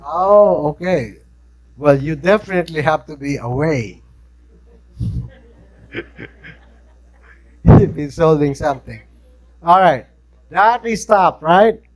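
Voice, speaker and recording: A man's voice: on the high side, lively intonation, slow, pauses often, poor audio. A man with a Filipino accent, lecturing a class in a conversational way and often checking in with his listeners. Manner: conversational, keeps checking in with "right?". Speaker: instructor.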